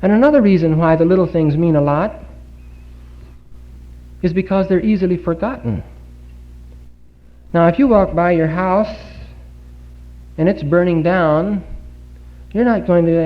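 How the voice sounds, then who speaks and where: A man giving a Bible talk in a congregation hall, earnest and full of rhetorical questions and pauses. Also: high-pitched. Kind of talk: sermon. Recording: dull lo-fi 1950s recording.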